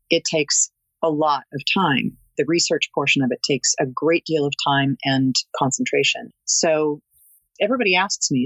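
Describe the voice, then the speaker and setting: Expressive woman narrator, dry close sound. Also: low-pitched, no room sound, low-quality recording. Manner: articulate, expressive storyteller. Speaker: audiobook narrator, guest. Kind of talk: interview conversation.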